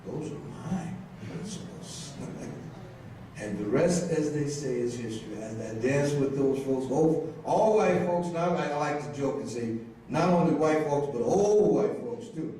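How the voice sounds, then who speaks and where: Slow, dark-voiced man in an echoey hall. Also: on the high side, far from the mic, a little hiss or hum. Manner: humorous storytelling, drawn-out phrasing. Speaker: intern minister. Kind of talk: personal testimony to a congregation.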